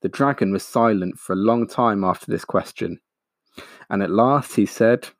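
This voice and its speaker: A man reading a children's storybook aloud, slow, expressive and dramatic. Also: fairly low pitch, dry recording, studio quality. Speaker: audiobook narrator.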